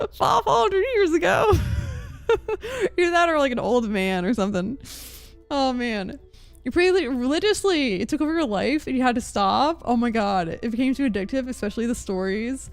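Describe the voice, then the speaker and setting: A woman's voice: on the high side, animated, fairly quick, no echo, faint music behind. A woman streamer chatting casually over gameplay, giggly and rambling with lots of fillers. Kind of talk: casual live-stream chat.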